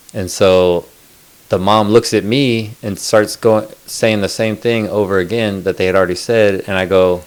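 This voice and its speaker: Low-voiced man telling a rambling story. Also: clean tone. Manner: rambling, profane, lots of fillers. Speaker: podcast co-host. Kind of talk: casual storytelling chat.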